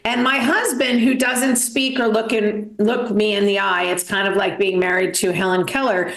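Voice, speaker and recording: A woman's voice: mid-range voice, steady tone, moderate pace, a bit bright. Boston-accented woman comic, self-mocking and theatrical, echoey room on a video call. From Massachusetts. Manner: self-deprecating, dramatic storytelling with many fillers. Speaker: stand-up comedian. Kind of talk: stand-up comedy set.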